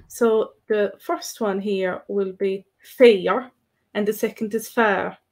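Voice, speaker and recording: A woman teaches in a loose, halting way, full of ums and restarts. Her voice sits at an ordinary middle pitch. She sounds like a live-stream co-host talking through a point. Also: little pitch movement, warm tone. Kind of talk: live-stream language lesson.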